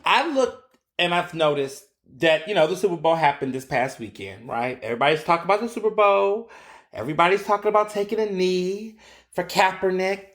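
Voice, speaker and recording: A man hosting his own podcast, giving casual, animated solo commentary with profanity and acted-out quotes. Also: high-pitched. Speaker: podcast host. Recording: roomy echo.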